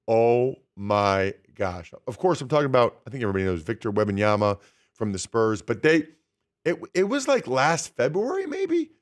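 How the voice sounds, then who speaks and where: A man in his forties runs a sports talk radio panel at an average pitch, questioning each co-worker in turn. He tells stories in a lively, animated way into a studio mic. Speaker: guest radio host. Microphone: studio microphone.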